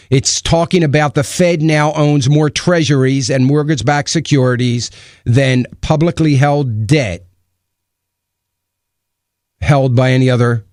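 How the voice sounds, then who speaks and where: A man's voice: mid-range voice, darkish tone, dry recording. A man hosting a radio talk show, giving emphatic, opinionated commentary and asking rhetorical questions into a studio microphone.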